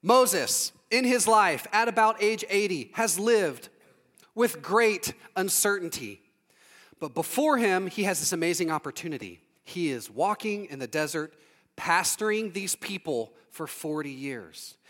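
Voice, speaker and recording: A man's voice: sits high, expressive, measured pace, a bit bright, big-room sound. A man preaching a storytelling sermon in a conversational, humorous manner with acted-out asides, recorded in a large sanctuary.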